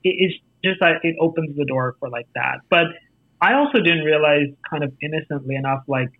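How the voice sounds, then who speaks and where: A man with an American accent tells career stories in a relaxed interview. His voice sits fairly high, and he livens up his anecdotes by acting out the voices of people he quotes. The sound is thin and tinny, like a phone call. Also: brisk, no echo. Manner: animated storyteller, acts out quoted voices. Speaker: actor and festival jury guest. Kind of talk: casual interview conversation.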